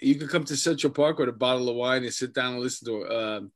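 A man in a casual podcast chat, profane and animated as he tells stories. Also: mid-range voice, quick pace.

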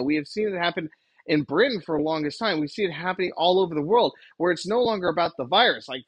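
Podcast host going off on a solo rant, husky voice, dry close sound, keeps hammering points home. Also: medium pitch, no room sound, rough recording. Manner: exasperated, emphatic, lecturing.

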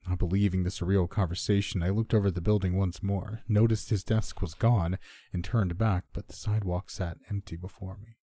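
A man reading a first-person horror story in a measured, subdued way. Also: deep voice, steady tone, warm tone, no room sound, clean studio sound.

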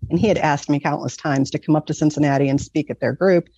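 A woman candidly telling a personal story as an interview guest, earnest and often breaking into soft laughs. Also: deep voice, fairly even intonation, quick pace, husky, no room sound. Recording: dull lo-fi recording.

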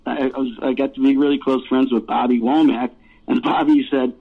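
A man's voice: medium pitch, fairly even intonation, a little fast, creaky, breathy edge. A man in his fifties, a musician guest, telling rambling stories with laughs and swearing. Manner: rambling, laughing, profane storyteller. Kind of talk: casual storytelling interview. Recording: tinny phone-like line.

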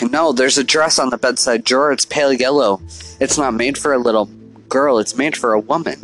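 A man's voice: mid-range voice, fairly quick, a bit bright, faint music behind, low-quality recording. A man narrating a first-person horror story in an earnest, confessional, diary-like way.

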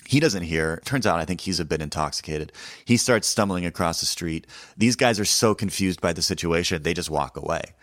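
A comedian with a very low voice tells a personal story in a deadpan, self-mocking way. His delivery is conversational, and the sound is dry and close with no room echo. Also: a little fast.

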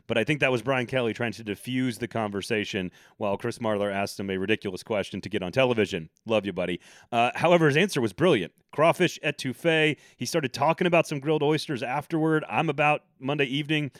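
A man's voice: mid-range voice, a bit bright, dry recording. Man, sports podcast host, chatty, opinionated, dry close sound. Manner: chatty, opinionated, joking asides. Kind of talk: casual sports talk.

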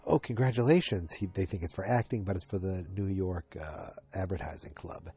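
A warm, low-pitched male voice with a breathy edge keeps a fairly even intonation at normal speed. At home before the TV, the sleepy podcast host yawns and rambles chattily through an episode recap, full of asides.

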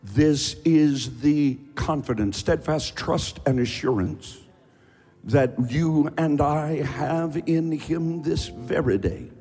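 A man preaching a sermon, fervently shouting and chanting some lines. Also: on the high side, takes it slowly, slightly rough. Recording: faint music behind.

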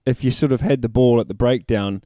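A man talks rugby in a relaxed, agreeable way and tosses in quick quips. His voice is mid-pitched with a warm, mellow tone. The recording is dry and close. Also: dry recording. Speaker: rugby podcast co-host. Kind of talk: casual sports chat.

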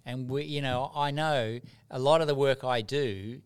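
A man's voice: mid-range voice, measured pace, clear, resonant tone. A middle-aged man, a doctor and mentor, telling stories earnestly in a casual interview, often repeating words as he starts.

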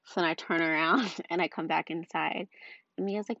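Young woman, tired mom venting to camera, slightly low voice, dull dry recording. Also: brisk, gravelly, fairly bright tone, no echo. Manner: chatty, exasperated, frequent fillers like "like" and "um". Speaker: mother of two small children. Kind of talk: casual storytelling vlog.

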